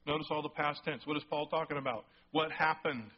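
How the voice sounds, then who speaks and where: Male pastor, sermon, high voice, emphatic, keeps asking the congregation questions, slightly muffled recording. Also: fairly even intonation, brisk, breathy edge. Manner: emphatic, rising to near-shouts on key points; asks the congregation frequent check-in questions.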